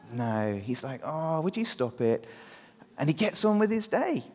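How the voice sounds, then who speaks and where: A man with a notably high voice preaching to a church congregation, telling a story and asking the room questions as he goes. His voice carries into a long, reverberant hall. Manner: lively, engaging the congregation with questions. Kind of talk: all-age church talk with storytelling.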